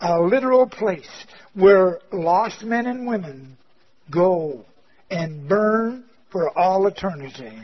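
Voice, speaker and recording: A man preaching a fire-and-brimstone sermon, firing rhetorical questions and swinging from loud emphasis to near-quiet. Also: sits high, animated, slightly rough, highs cut off. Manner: rhetorical questions, slow emphatic delivery, dramatic swings in loudness.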